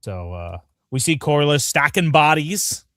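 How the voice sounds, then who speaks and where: A man's voice: a little high, sing-song, a bit bright, no echo. Dry-voiced man ranting casually. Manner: profane, acts out characters in quick asides. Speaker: podcast co-host. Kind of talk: casual chat. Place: home room near a street.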